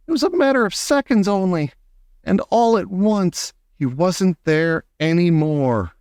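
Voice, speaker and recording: Man, audiobook narrator, animated storytelling, smooth resonant voice, dry close recording. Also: high voice, no room sound. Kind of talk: storybook reading.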